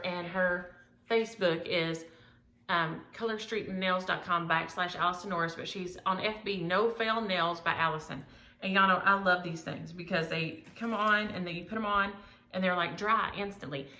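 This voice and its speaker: Chatty woman vlogger, scattered and gushing; gravelly, roomy sound. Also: fairly low pitch, sharp tone. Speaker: flosstube vlogger. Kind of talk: casual chat showing mail.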